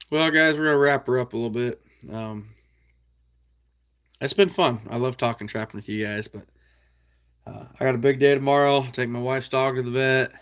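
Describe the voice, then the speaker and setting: A man from Iowa with an American Midwest accent hosts a casual livestream, reading out viewer comments in an easygoing, folksy manner and chuckling often. His voice is mid-range and a bit bright.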